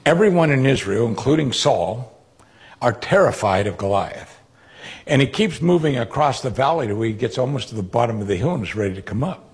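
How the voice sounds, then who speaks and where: A man preaching a sermon, retelling Bible stories with animated quoted voices. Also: medium pitch, brisk, slightly rough.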